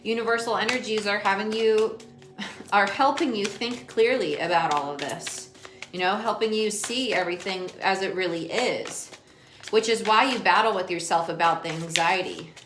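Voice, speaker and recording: A woman giving a casual tarot reading, talking straight to the viewer in a chatty way and often laughing. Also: medium pitch. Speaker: tarot reader. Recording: echoey room with faint noise.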